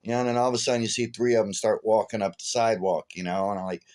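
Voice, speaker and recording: A man with a lowish voice tells a story in casual vlog style, meandering and full of fillers. He sounds tired and chuckles his way along. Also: steady tone, racing, darkish tone. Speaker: vlogger.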